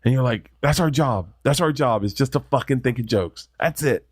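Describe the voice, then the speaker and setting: A man who is a comedian, telling stories in a rambling, excitable, profane way as a podcast guest. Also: mid-range voice, normal speed, slightly rough, dry recording, studio quality. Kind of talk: casual podcast chat, storytelling.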